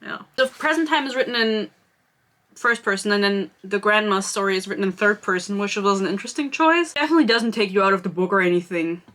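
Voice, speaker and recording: A woman's voice: medium pitch, expressive, fast talker, fairly bright tone. A woman from Germany, giving a casual, sarcastic book review full of chatty asides.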